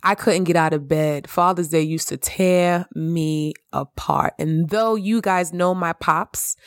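A woman hosting a heartfelt solo podcast monologue at home. She speaks with passion and stresses her words, repeating her phrases and climbing high when she reassures herself. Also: takes it slowly, no echo, clean studio sound. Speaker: podcast host. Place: at home in the evening.

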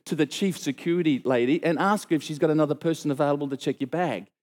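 A man's voice: on the high side, quick pace, a little mellow, voice pushed down, natural voice. A man voicing a brusque male airport security guard in a retold story.

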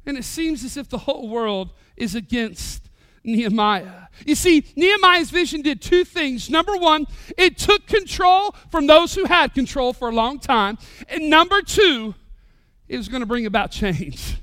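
High-voiced, lively pastor preaching. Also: male voice, unhurried, no room sound, clean studio sound. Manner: animated, joking storyteller. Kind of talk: sermon.

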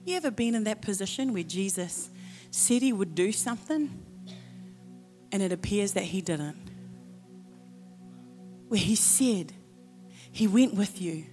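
A woman pastor preaching a sermon, impassioned, sometimes dropping to hushed asides. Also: mid-range voice, in a large hall.

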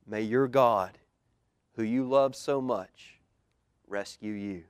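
A man's voice: lowish voice, takes it slowly, clear, resonant tone, dry recording, clean studio sound, pitched below the performer's own voice. A man voicing an earnest, worried ancient king in a storybook reading. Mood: hushed.

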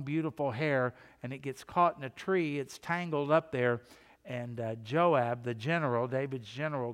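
An older man preaching a sermon as pastor, talking in a conversational way that builds to earnest emphasis. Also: medium pitch. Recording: long reverb of a church hall.

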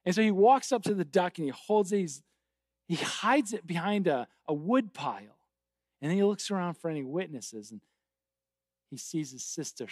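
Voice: medium pitch, no echo, clean studio sound. A pastor preaching a sermon, telling a story and building to a fervent appeal.

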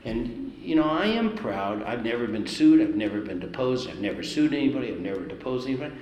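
An older man who composes music, telling lively anecdotes to an audience and jumping up in pitch to stress a point. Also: fast talker, roomy sound, big-room sound, low-quality recording. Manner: animated anecdotes, swings up in pitch for emphasis. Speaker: composer, speaker at an event. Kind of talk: storytelling to an audience.

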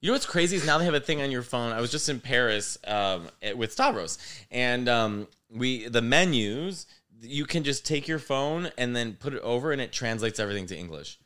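A man from Chicago, a comedian guest on a podcast, who tells animated stories in casual chat and swears casually. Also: medium pitch, a little fast, clean tone. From Chicago, United States.

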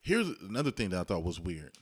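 A man with a low voice that rises and falls a lot as he tells stories. He is chatty and casual, and he acts out other people's lines with put-on voices. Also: quick pace, slightly rough. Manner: animated, acts out quotes with voices. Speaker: podcast co-host. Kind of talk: casual storytelling chat.

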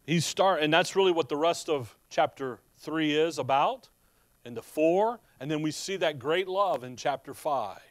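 Folksy male preacher, slightly high voice, dry close recording, chatty and rambling. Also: normal speed, no echo. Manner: conversational, folksy, with frequent restarts. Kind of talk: sermon.

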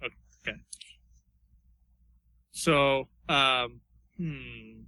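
A man's voice: mid-range voice, unhurried, bright, forceful tone, rough recording. A man co-hosting a podcast, hesitantly describing an imagined fight and repeating words as he thinks. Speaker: podcast co-host. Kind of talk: casual chat narrating a fight scenario.

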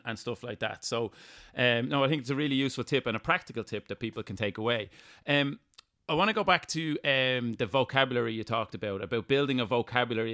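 A male podcast host with a smooth, resonant voice at a middling pitch. He talks loosely and conversationally, circling around his questions with hesitations. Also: sharp tone. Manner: rambling, many fillers and restarts.

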